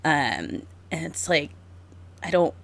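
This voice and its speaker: Lowish-voiced woman co-hosting a chatty podcast. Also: slow, vocal fry, dry recording. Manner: animated, exasperated, many "like"s. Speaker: podcast co-host. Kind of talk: casual chat.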